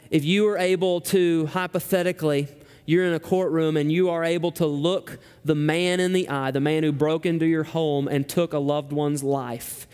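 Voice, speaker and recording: A male pastor preaching a sermon emphatically, climbing high when he reads scripture aloud. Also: darkish tone, long reverb tail.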